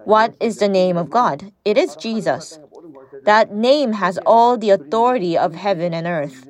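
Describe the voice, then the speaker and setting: A woman's voice: medium pitch, animated, a little slow. A woman preaching an earnest sermon who puts questions to her listeners.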